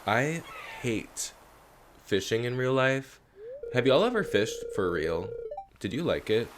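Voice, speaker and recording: A man's voice: medium pitch, very animated, takes it slowly, background noise. A man streaming a game live, chatting casually and rambling with his viewers. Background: game music.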